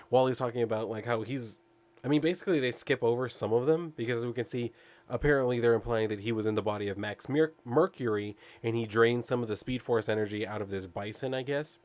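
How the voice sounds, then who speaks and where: A man's voice: mid-range voice, a little mellow. A man casually recapping a comic book issue, rambling with lots of "like" and "I guess", often chuckling to himself.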